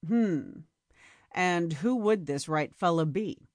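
A woman voicing a flirtatious outdoorsy man, speaking low and smooth with a teasing manner. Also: lively intonation, takes it slowly, a little mellow, no room sound, studio quality. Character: flirtatious man, deep-voiced outdoorsy charmer.

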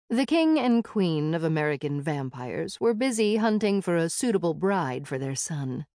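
Female audiobook narrator, first person, wry and measured, low voice, dry studio sound. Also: sing-song, darkish tone, no room sound.

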